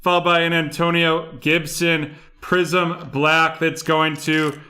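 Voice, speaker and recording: Young male host, bright clear voice, unhurried reading of a card break rundown. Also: a little high. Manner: rattles off names and buyers in a steady rundown.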